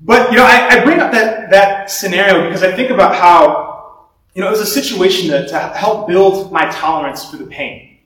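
A young man giving a sermon in a relaxed, conversational way, telling stories and often restarting his sentences. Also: sits high, normal speed. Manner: conversational storytelling with repeated restarts. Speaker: preacher. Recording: very echoey room, voice from far off.

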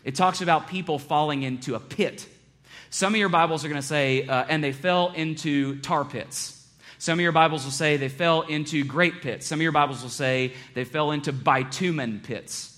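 Animated man preaching with wide swings. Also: on the high side. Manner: animated, joking, with big swings between loud and hushed. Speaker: pastor. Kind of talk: sermon.

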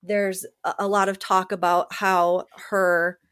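A woman with a slightly low voice, speaking as a guest in a casual interview. She tells the story animatedly and now and then acts out other people's lines. The sound is dry and close. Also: level tone, slow, a bit bright, clear, resonant tone, no echo. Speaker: actor in the play.

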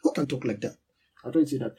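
Emphatic preacher with a mellow voice. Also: male voice, medium pitch, fast talker, husky, low-quality recording. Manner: call-and-response teaching, emphatic repetition. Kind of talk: sermon.

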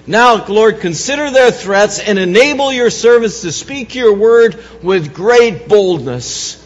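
Pastor, male, husky, higher-pitched, moves from quiet to loud preaching, church hall echo, dull recording. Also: lively intonation, slow. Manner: swings from soft, low reflection to loud, raised preaching; repeats words and restarts phrases. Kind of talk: Easter sermon. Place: church sanctuary.

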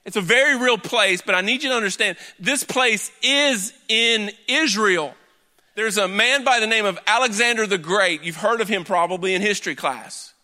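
A man preaching a sermon in a conversational way, with quick asides and drawn-out emphasis. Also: high voice, bright, forceful tone. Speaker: pastor. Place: church hall. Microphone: handheld or headset microphone. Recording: reverberant church hall.

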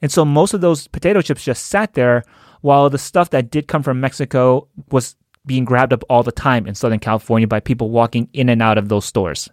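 In a studio-quality, dry recording, a man with a medium-pitched, darkish voice tells a story conversationally at a brisk pace. He chuckles as he goes.

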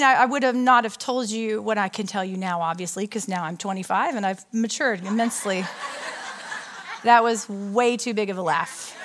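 A woman in her thirties giving a conversational, story-filled sermon from a stage, chatty and animated, often asking the audience questions. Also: on the high side. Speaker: women's ministry speaker.

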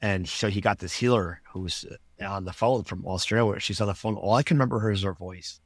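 A man's voice: on the low side, brisk, dry recording. A man, a podcast guest, telling his personal story in an earnest, reflective way.

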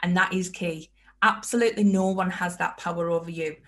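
A woman's voice: on the low side, steady tone, brisk, a bit bright. Emphatic woman giving a pep talk. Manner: emphatic, repeats phrases, acts out inner voices. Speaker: podcast host. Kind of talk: motivational self-help talk.

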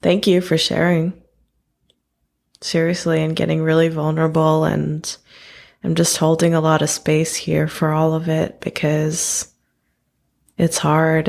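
A woman from the United States gushes praise in an affirming, effusive way. She speaks low and slowly, in a flat, even tone with a gravelly edge. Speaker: podcast co-host. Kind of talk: casual chat.

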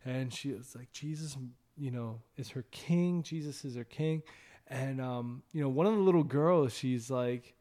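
A man's voice: medium pitch, normal speed, mellow. A man hosting a ministry show, telling an evangelism testimony in an earnest, rambling way with many fillers and restarts.

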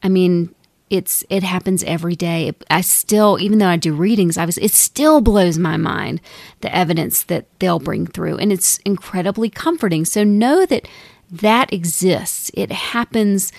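A woman co-hosting a podcast as a medium, talking casually with many fillers and lively quoted asides. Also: fairly low pitch, normal speed, vocal fry, no room sound, studio quality. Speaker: podcast co-host, psychic medium.

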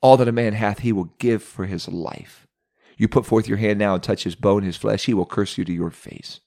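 A man's voice: fairly low pitch, steady tone, moderate pace, creaky, darkish tone. A preacher putting on a casual, smug devil who shrugs off everything in a lazy drawl. He slips into it mid-sermon.

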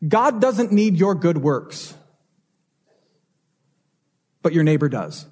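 Husky high-voiced male preacher. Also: big pitch swings, takes it slowly, darkish tone. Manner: storytelling, rhetorical questions, varied emphasis. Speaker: pastor. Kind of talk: sermon.

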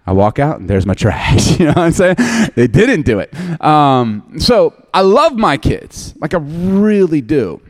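Man, 40s, pastor, storytelling sermon, animated pitch, self-deprecating humor. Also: unhurried, few pauses. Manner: animated, often laughing.

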